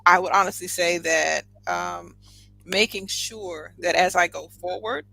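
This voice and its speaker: A woman guest telling a story on a podcast in a casual, animated, emphatic way, laughing often. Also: lowish voice, measured pace, vocal fry, no echo, faint music behind, rough recording.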